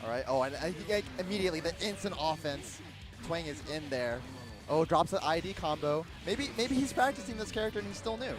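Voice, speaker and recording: High-voiced excitable male esports commentator. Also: music in the background. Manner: excitable, teasing, quick reactions. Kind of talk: fighting game tournament commentary.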